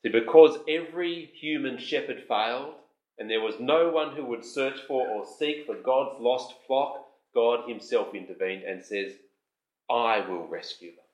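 A man preaching an expository sermon, emphatic, lifting his voice on lists and slowing down when he reads scripture aloud. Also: medium pitch, dull audio. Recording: roomy hall sound.

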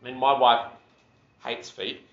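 A man's voice: medium pitch, a little slow, muffled recording. Conversational male preacher, roomy sound. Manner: conversational, animated, with self-deprecating asides. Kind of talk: sermon.

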